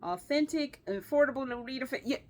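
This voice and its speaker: A young woman vlogging an unboxing in a casual, excitable way, swearing freely and gushing over what she finds. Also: sits high, a little fast. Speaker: fashion vlogger. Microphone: camera with ring light.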